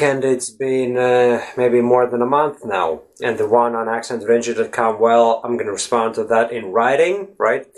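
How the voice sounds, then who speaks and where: Chatty man teaching pronunciation. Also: medium pitch. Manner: talkative, often tags sentences with "right?". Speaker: English fluency teacher. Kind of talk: casual video lesson to camera.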